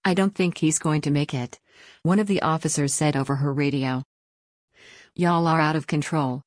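A woman reading out a news article in a steady, even way. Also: low voice, no room sound, clean studio sound. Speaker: news reader. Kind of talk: read-aloud news article.

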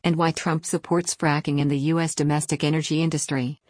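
A woman reading a news article aloud in an even, measured scripted narration. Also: low-pitched, no echo, studio quality.

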